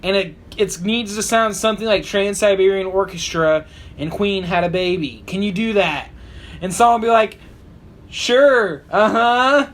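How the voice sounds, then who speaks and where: A man's voice: sits high, moderate pace. A man co-hosting a podcast in casual chat, rambling and hesitant, with many fillers. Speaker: podcast co-host.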